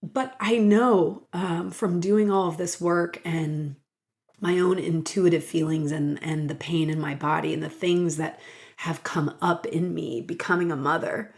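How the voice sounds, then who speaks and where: A middle-aged woman hosting a podcast, telling a personal story in a soft, emotional way and sometimes dropping into a whisper. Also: on the low side, fairly even intonation. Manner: soft and slow, drops to a whisper in places; emotional, laughs and sighs while sharing. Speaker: podcast host.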